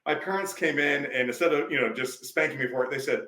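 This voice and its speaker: A man's voice: medium pitch, fairly quick, sharp tone, echoey room, low-quality recording. A male life coach, a podcast guest, telling stories emphatically in a preachy, conversational way.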